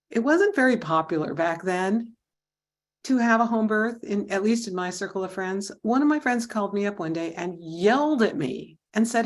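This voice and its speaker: A woman's voice: medium pitch, normal speed. A woman in her thirties giving a storytelling speech at a club meeting, acting out the voices of people in her story. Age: 30s. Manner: animated, acts out quoted voices. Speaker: Toastmasters speaker.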